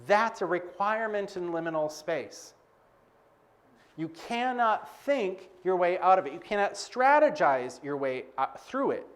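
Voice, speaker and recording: A man's voice: sits high, lively intonation, unhurried. A man giving a live motivational talk as host, telling a personal story in a chatty way with frequent "like" and "right?". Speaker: business coach speaker.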